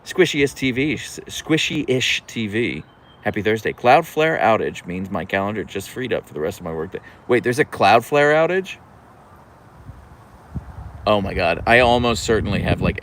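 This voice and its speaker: A young man hosting a casual livestream, reading chat aloud with dry, sarcastic banter. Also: a little hiss or hum. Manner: often trails off into low gravelly murmurs.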